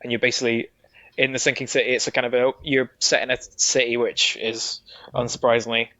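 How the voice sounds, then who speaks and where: A man's voice: medium pitch, little pitch movement, a little fast, pushed and bright, no room sound. A man, a podcast guest, chatting casually and rambling through a game review. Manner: rambling, with frequent restarts and swearing. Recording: dull dry sound.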